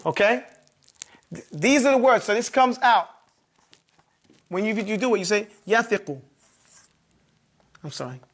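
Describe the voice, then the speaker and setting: A man's voice: high voice, expressive, a little slow, pauses often, a bit bright. Man, teacher, classroom lesson, repetitive drilling, checks understanding often. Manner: repetitive, checks understanding with "okay?" and "you follow me?". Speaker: Arabic grammar teacher. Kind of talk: classroom lesson, explaining at a board.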